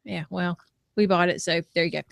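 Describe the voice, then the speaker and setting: A woman's voice: on the low side, fairly even intonation, a little fast, creaky, no room sound. A middle-aged woman co-hosting a podcast, chatting casually in a teasing, playful way and laughing often. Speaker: podcast co-host. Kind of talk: casual chat.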